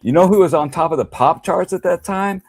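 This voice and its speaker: A man's voice: high-pitched, fairly quick, no echo, faint music behind. A man chatting casually on a podcast, emphatic and dropping "man" into his sentences. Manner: emphatic, peppers talk with "man". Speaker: podcast co-host or guest. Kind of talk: casual chat.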